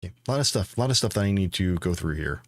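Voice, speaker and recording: A man's voice: deep voice, lively intonation, very fast, dry recording, studio quality. A man streaming game development, thinking aloud and rambling casually to his viewers. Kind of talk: casual live-stream chat.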